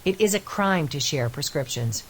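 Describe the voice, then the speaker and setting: A woman's voice: low voice, lively intonation, moderate pace, crowd noise, low-quality recording. An actress voicing a female senior doctor who mentors a resident, speaking earnestly and explaining in a scripted game voice-over.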